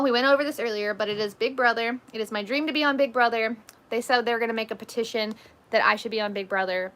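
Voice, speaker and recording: A chatty woman in her thirties talks casually on a livestream, reading comments and answering them. Her voice sits a little high and sounds bright and forceful, and her talk is loose and peppered with fillers. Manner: chatty, frequent "like" and "um", reads comments aloud. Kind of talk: casual live chat.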